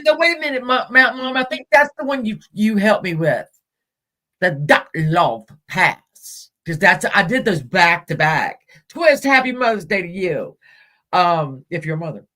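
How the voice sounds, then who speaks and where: A man with a high, bright, forceful voice hosts a casual live stream. He's chatty and laughs easily, greeting viewers by name even mid-sentence.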